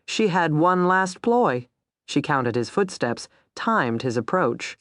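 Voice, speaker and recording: A woman narrating a crime thriller audiobook in a measured, even storytelling manner. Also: low-pitched, no echo, clean studio sound.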